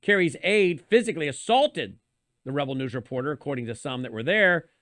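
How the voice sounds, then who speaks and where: A man's voice: on the high side, lively intonation, brisk, fairly bright tone, no room sound, clean studio sound. A man hosting a show, reading opinionated news commentary with a sarcastic, pointed delivery. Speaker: show host.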